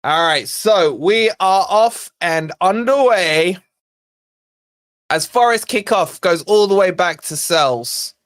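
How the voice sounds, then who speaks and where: A man's voice: high voice, expressive, slow pace, fairly bright tone, dry recording, clean studio sound. A man hosting a football watch-along stream, chatting, joking and mildly swearing to viewers. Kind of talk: casual live-stream chat and commentary.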